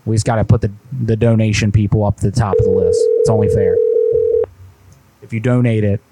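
A man's voice: on the low side, steady tone, fairly quick, heavy background noise. A man hosting a live prank call show, chatting offhand while reading the chat. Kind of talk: casual live-stream chat.

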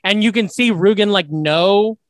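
A young man co-hosting a casual movie podcast, animated and quoting lines in put-on voices. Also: sits high, normal speed, dry recording. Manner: animated, acts out movie quotes in funny voices. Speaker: podcast co-host.

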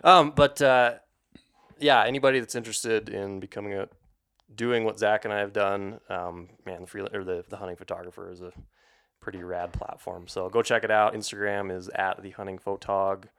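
A man hosting a podcast, talking in an easygoing, halting way. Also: fairly low pitch, fairly even intonation, a bit bright. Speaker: podcast host. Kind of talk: casual podcast chat.

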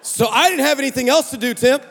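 A man preaching at a conference, telling a comic story with animated delivery and playful voices for the people in it. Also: extremely high pitch, fast talker, vocal fry, in a large hall, slight background noise. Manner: animated, acts out texts in funny voices. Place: large conference hall.

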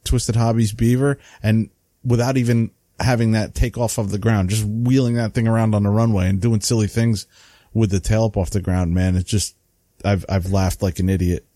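A man's voice: lowish voice, steady tone, normal speed, warm tone, no echo, studio quality. A man co-hosting a casual hobby podcast, laid-back and chatty, often tossing in "man". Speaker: podcast co-host. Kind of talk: casual chat.

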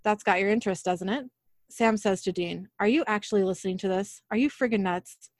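A woman narrates an episode in a casual recap, reading out the characters' dialogue in her everyday voice. Her pitch sits in the middle for a woman. The sound is dry and close, with no room echo. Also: a little fast. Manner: reads every character's lines in her own voice, laughing at her slips.

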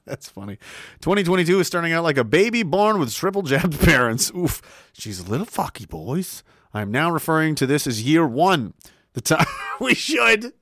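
Very animated and speaking at normal speed, this man has a slightly bright voice on the high side. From his home webcam setup he chats casually on a stream, cursing freely, laughing a lot and reading viewers' messages aloud, with no echo and studio-quality sound.

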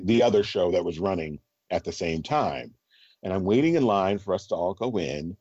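A middle-aged man with a lowish voice tells stories as an interview guest, animated and quick to laugh. The recording is a little dull and very dry, like a close podcast mic. He talks casually, as if chatting with friends. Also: dry recording. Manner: animated storyteller, laughs often. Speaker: guest, stage performer.

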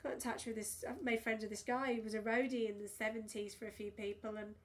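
A middle-aged woman in casual podcast chat, telling animated anecdotes and swearing freely. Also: fairly high pitch, fast talker. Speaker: podcast co-host.

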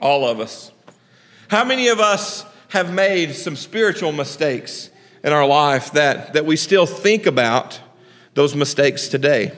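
A man pastor delivers a sermon in a high, bright-pitched voice. He speaks conversationally, tossing questions to the congregation and acting out the people of his story. The sound carries a long echo from a large hall. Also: unhurried. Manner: animated preaching, drops low and quiet for God's lines.

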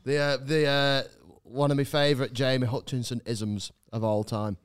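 A man's voice: mid-range voice, level tone, moderate pace, smooth. Young guy rambling thru a story on a podcast, swears a lot, keeps restarting sentences. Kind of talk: casual storytelling chat.

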